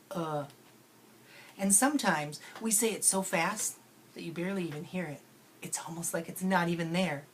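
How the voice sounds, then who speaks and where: Deep-toned woman, friendly pronunciation teacher talking to camera, teasing questions. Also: a bit bright, slight background noise. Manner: playful, coaxing, asks learners questions. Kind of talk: instructional lesson to camera.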